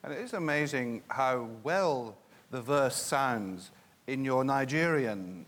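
A man's voice: mid-range voice, expressive, slow, fairly bright tone. A man interviewing a guest on stage at a live theatre event, asking curious, prompting questions.

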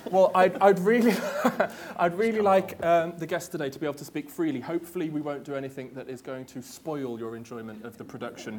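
A man's voice: mid-range voice, a little hiss or hum. Polite British man chairing a talk. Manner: polite, halting with fillers. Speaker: panel chair. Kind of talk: hosting a stage talk. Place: theatre stage before an audience.

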